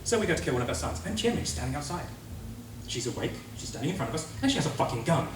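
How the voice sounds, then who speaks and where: A man presenting a convention panel, recapping a game in an excitable, laughing, swear-heavy way and acting out characters' lines. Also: a little high, very fast. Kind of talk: animated comedic recap. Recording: echoey hall, distant mic, noisy.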